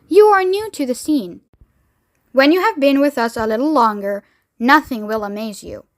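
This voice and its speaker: A woman voicing an eccentric, excitable older male candy maker who talks in high, grand exclamations. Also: moderate pace.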